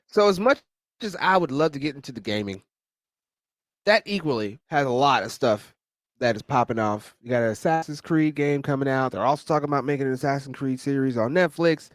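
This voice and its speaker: An easygoing man chatting on a streamed podcast in a middle-pitched voice. He laughs readily, and his sound is dry and close. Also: brisk, dry recording. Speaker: co-host. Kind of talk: casual podcast chat.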